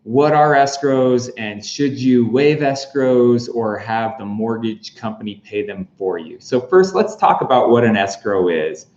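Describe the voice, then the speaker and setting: A man talks through a casual explainer in a chatty, relaxed way, full of ums and jokey asides. His voice sits at an ordinary middle pitch. The recording sounds roomy and a little dull. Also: a little slow, few pauses. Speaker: real estate explainer host.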